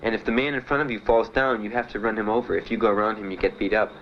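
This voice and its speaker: This is an interview with an older Vietnam veteran from Miami whose low voice recalls his past in plain, halting storytelling peppered with "uh" and "you know." The highs are cut off, and there's slight background noise.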